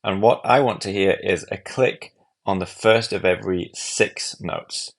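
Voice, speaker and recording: A man giving a calm, methodical step-by-step walkthrough of a music app. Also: sits low, a little slow. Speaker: app tutorial presenter. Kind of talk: screen-recorded software walkthrough.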